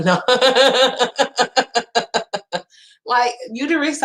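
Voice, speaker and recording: A woman in her thirties with a Northern California accent, ranting casually to her viewers in a loud, profane, animated way. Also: on the high side, measured pace. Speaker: vlogger.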